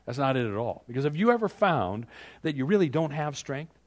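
A middle-aged man preaching a sermon, swinging from loud pleading outbursts to hushed, quiet lines with dramatic pauses. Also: mid-range voice, big pitch swings. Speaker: pastor.

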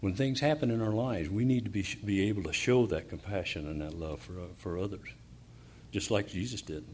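A man preaching a sermon, reading verses and explaining them, pausing often with fillers and restarts, then building up to fervent emphasis. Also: on the low side, a little mellow, slight background noise.

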